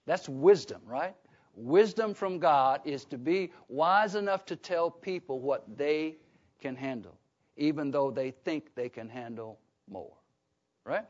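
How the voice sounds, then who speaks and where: A man preaching a sermon in a conversational way, often asking his congregation questions and starting sentences over. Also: high voice. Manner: call-and-response questions to the congregation; conversational, with frequent restarts. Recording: dull lo-fi recording.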